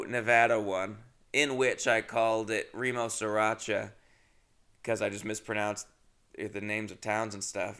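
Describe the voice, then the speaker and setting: A man's voice: medium pitch, vocal fry, sharp tone, smooth. A man hosting a podcast, telling a rambling, self-deprecating comedic story and acting out both sides of the conversation. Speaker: podcast host.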